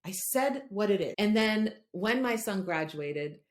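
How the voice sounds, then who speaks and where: A middle-aged woman, a podcast guest, telling a personal story in an earnest, animated way and acting out the voices of other people. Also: mid-range voice, unhurried. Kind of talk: conversational storytelling. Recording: roomy echo.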